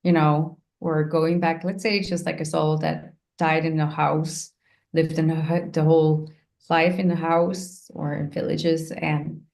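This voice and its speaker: Hesitant lower-voiced woman co-host. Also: level tone, unhurried, creaky, a little mellow. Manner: hesitant, trails off, laughs between phrases. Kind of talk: casual conversation.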